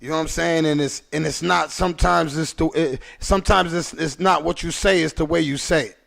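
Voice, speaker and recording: A man's voice: on the high side, steady tone, fairly quick, vocal fry, fairly bright tone. A man hosting a casual podcast who rambles emphatically and swears freely. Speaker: podcast host. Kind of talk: casual chat.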